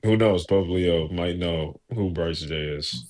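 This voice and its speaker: A man chatting on a stream with a low voice. He talks very slowly and lazily, lingering over his words. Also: background noise. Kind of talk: casual chat on a stream.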